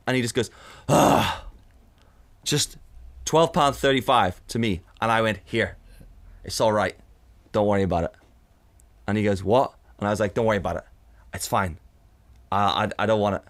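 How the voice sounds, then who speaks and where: A man's voice: fairly low pitch, moderate pace. A man co-hosting a casual podcast, telling anecdotes animatedly, acting out quotes and swearing freely. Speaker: podcast co-host. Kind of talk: casual chat, storytelling.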